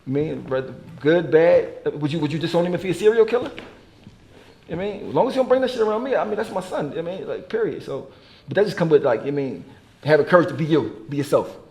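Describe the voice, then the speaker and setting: A man telling stories in casual, profane conversation, animated and laughing as he goes. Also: a little high, fast, creaky. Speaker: artist being interviewed. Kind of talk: casual storytelling chat.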